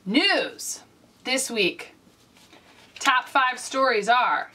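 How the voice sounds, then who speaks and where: A woman hosting a casual comedic vlog, delivering wry, deadpan asides. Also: a little high, extremely slow, long pauses, far from the mic. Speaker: vlog host.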